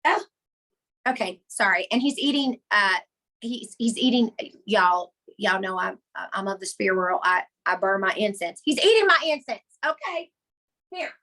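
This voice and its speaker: A woman hosting a motivational team call, energetic and emphatic, repeating her key points with chatty asides. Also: medium pitch, moderate pace.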